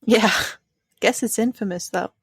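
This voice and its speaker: A woman co-hosting a podcast, chatting casually about a film, relaxed and laughing often, reading a synopsis aloud at times. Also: medium pitch, unhurried, slightly rough, no room sound, studio quality. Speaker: podcast co-host.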